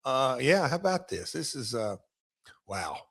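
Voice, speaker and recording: A man's voice: medium pitch, sing-song, unhurried, vocal fry, fairly bright tone, breathy edge. A middle-aged man and former wrestler, co-hosting a casual podcast, telling rambling road stories and often restarting his sentences.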